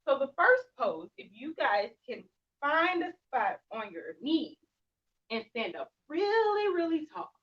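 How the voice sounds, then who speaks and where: A woman's voice: sits high, sing-song, unhurried. A young woman leading a children's yoga class, playful and encouraging, with sing-song prompts. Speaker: kids yoga teacher. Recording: muffled sound, distant from the mic.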